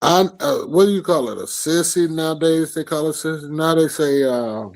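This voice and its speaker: A man co-hosting a morning show, talking in loud, profane, teasing banter. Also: on the high side, moderate pace, creaky, low-quality recording. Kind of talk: casual banter.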